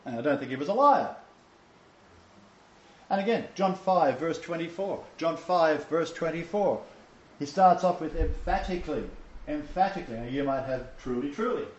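A man preaching informally to a small group, quoting scripture with emphatic, animated delivery and frequent restarts. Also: a little high, moderate pace. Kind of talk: informal home-group sermon. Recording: roomy, dull lo-fi room recording.

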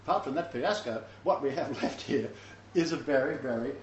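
At normal speed and in a mid-range voice, the Bible teacher reads passages aloud and comments on each, laughing at his own side remarks during the informal sermon. The lo-fi recording sounds roomy and dull, with a little hiss or hum.

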